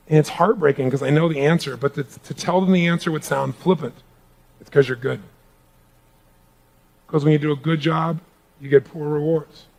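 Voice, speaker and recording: A man's voice: fairly high pitch, normal speed, gravelly, long pauses, a little mellow. A man giving an emphatic motivational talk to a live audience in a large room, calling for responses from the crowd. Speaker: motivational speaker.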